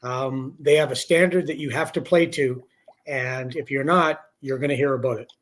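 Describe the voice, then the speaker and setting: A middle-aged man appearing as a hockey broadcaster guest, breaking down a team in a steady, friendly way. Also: mid-range voice, normal speed. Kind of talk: casual sports chat.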